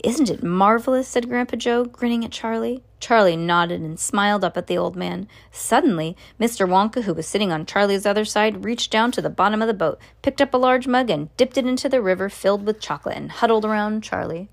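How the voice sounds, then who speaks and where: A woman's voice: medium pitch, a little fast, gravelly, hardly any pauses. A woman reading a children's book aloud in a casual way, correcting slips and adding asides. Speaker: reader.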